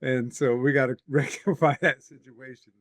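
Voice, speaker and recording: A man's voice: medium pitch, fairly even intonation, normal speed, fairly bright tone, no echo. A man as a podcast guest, with a medium voice recorded close and dry. He talks casually and teases his host in a playful, competitive way. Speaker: podcast guest, education leader. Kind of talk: casual interview chat.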